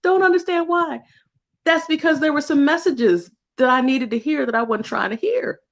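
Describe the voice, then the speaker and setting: A woman with a fairly high voice talks through a casual spiritual vlog as an energy healer. She is animated, laughs often and swears freely. She jumps into bright put-on voices when she acts out what others say. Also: moderate pace, dull audio.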